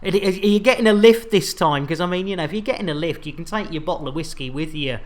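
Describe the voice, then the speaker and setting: He talks quickly in a high-pitched voice, an English man live-streaming a space game. He jokes around and banters with viewers while reading out their messages.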